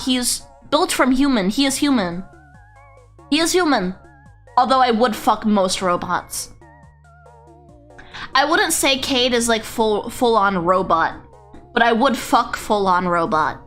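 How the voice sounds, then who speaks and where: A woman VTuber chatting on a casual livestream, rambling, excitable and swearing freely. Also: a little high, takes it slowly, soft background music. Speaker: VTuber streamer.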